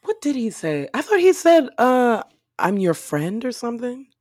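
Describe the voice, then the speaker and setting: Woman co-host, casual podcast banter, lively swooping voice, dry sound, laughs and swears easily. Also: a little high, normal speed, no room sound. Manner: animated, laughing, swears freely. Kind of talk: casual movie chat.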